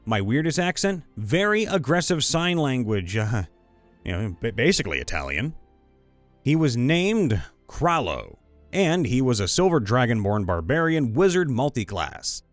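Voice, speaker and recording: A man's voice: mid-range voice, very animated, moderate pace, dry recording, faint music behind. A man, a voice actor, reading fan stories in a playful, upbeat, goofy way. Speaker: voice actor and story narrator.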